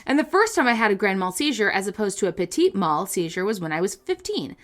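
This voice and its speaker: A woman's voice: mid-range voice, very animated, fast talker. A woman co-hosting a casual podcast, reading listener stories aloud with playful comic asides and frequent laughter.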